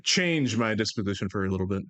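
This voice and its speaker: A man's voice: on the low side, animated, fast, a bit bright, dry recording. A man hosting a live stream, chatting casually and playfully bantering with his chat and thanking viewers. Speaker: streamer host.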